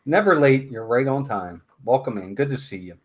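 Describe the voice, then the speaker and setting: A man's voice: mid-range voice, expressive, normal speed, slight background noise. A man hosting a casual live stream, counting votes and greeting viewers by name. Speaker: host.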